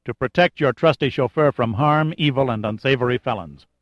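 A man reading an audiobook, voicing a cool male hero who speaks calmly and matter-of-factly. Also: mid-range voice, brisk, no echo, lightly acted. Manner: calm, matter-of-fact. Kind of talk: audiobook character voice. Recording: dull lo-fi dry recording.

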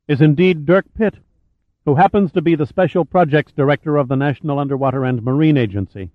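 A man's voice: a little high, no room sound, voice pushed up, close to an everyday voice. Man doing an earnest naval aide, sincere, explanatory, tinny dry audio.

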